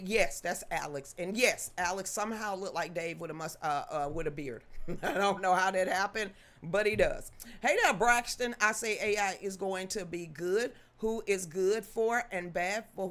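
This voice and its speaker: A woman's voice: medium pitch, moderate pace, fairly bright tone. A woman hosting a live-stream show in casual, emphatic chat, greeting viewers by name and reading an article aloud. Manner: chatty and emphatic, talks straight to the chat.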